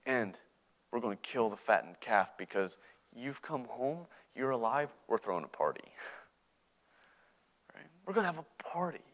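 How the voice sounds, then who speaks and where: A preacher voicing a loving father who welcomes his child in a soft, hushed, gentle voice. He speaks quietly and warmly, well below the volume of his usual delivery. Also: mid-range voice, big pitch swings, normal speed, pauses often, rough recording. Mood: tender. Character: loving father, older man, tender. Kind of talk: sermon storytelling.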